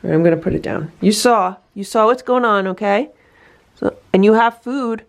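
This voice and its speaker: Woman, cat rescue vlog, gentle coaxing talk, slightly fry-tinged, casual indoor recording. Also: medium pitch, normal speed. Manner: soothing sing-song baby talk to a cat, calm explaining to camera. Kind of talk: casual vlog narration and talking to cats. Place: indoors in a room with cats.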